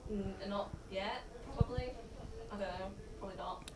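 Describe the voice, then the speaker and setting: A woman's voice: mid-range voice, steady tone, normal speed, darkish tone. A young woman from Canada, a guest on a podcast, giving short, hesitant, giggly answers. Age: young adult. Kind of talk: casual interview chat.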